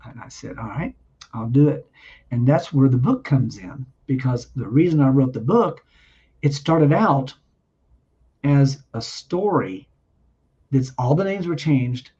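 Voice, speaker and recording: A man recounts his personal testimony in an earnest, halting manner, often circling back to restart a thought. His voice is mellow and a little husky. The audio is somewhat muffled. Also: mid-range voice, expressive. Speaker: guest giving testimony.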